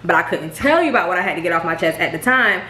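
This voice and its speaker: Woman, 30s, family vlogger; lively storyteller, fast, roomy sound. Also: on the low side. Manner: animated storytelling, acts out quotes. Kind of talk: casual chat. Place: room at home.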